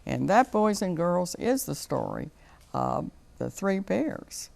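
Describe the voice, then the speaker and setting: A woman reading a fairy tale aloud to children on a local TV show, slowly and expressively, in a sing-song way. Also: fairly low pitch, sing-song, creaky, a little mellow. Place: TV studio.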